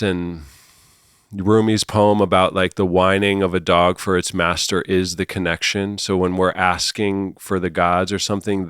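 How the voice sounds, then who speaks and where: A man's voice: low voice, clean tone, no room sound, studio quality. A male podcast host telling long, meandering stories in a loose, philosophical conversation. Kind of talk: rambling storytelling conversation.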